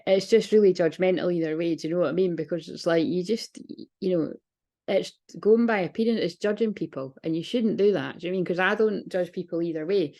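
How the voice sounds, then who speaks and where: A woman's voice: on the low side, mellow. A woman talking as a spiritual reader in a casual, rambling monologue, frank and swearing freely.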